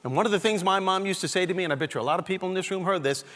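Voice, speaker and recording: A man from Brooklyn, giving a comedic motivational keynote with animated, punchy storytelling. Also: high-pitched, rapid-fire, in a large hall. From Brooklyn, New York. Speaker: keynote speaker. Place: large hall, on stage.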